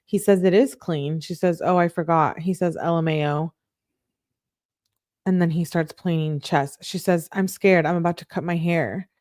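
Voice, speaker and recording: A woman with a fairly low voice works through a long chain of text messages, reading each one aloud. She breaks in with exasperated comments of her own between them. The sound is dry and close, with no room around it. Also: fairly even intonation, normal speed, darkish tone, no room sound. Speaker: true-crime commentator.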